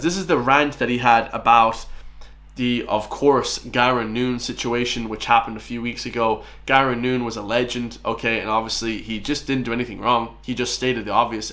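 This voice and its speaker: A man's voice: mid-range voice, moderate pace, a bit bright. Scornful twenty-something man ranting. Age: 20s. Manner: combative, scornful, addresses viewers as lads and guys. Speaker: reaction commentator. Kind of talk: ranting reaction commentary.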